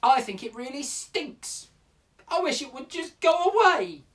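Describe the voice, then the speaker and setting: A man's voice: very high voice, very animated, unhurried, fairly bright tone, recorded from a distance, pitched above the performer's own voice, heavily acted. A man doing a grumpy eight-year-old girl. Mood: indignant.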